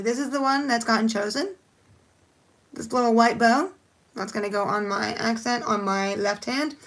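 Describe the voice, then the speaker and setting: A woman's voice: a little high, a bit bright. A woman chatting casually on a live stream while doing her nails, rambling and thinking aloud as she works. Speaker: nail art livestreamer.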